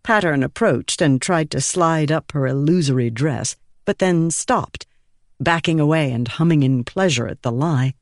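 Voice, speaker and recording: Slow, measured male audiobook narrator. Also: fairly high pitch, dry recording, studio quality. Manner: measured, voices each character.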